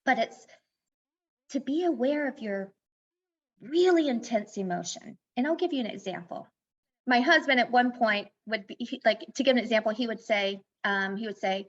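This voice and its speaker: A woman's voice: fairly high pitch, moderate pace, long pauses. A woman life coach being interviewed on a podcast, explaining things earnestly and mixing advice with personal stories. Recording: dull lo-fi sound.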